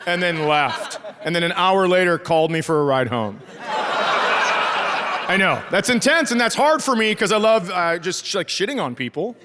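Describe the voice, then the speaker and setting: Before a live crowd, the middle-aged Minnesotan tells sarcastic, foul-mouthed tales about his family in a high voice with lively intonation. He keeps a moderate pace as the audience laughs loudly.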